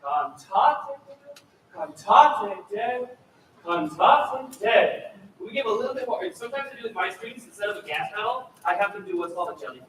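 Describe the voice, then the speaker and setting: A man's voice: high voice, lively intonation, very fast, few pauses, fairly bright tone, slight background noise. A man coaching a student choir through a rehearsal. He is encouraging and demonstrative, and he sings phrases to show how they should go. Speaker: choir clinician. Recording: echoey hall, mic far off.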